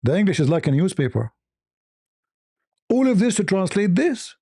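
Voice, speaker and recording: A man's voice: high-pitched, very animated, moderate pace, dark tone, slightly rough, no room sound, studio quality. A man giving mocking, combative commentary as a debater. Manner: combative, sarcastic. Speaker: online debater.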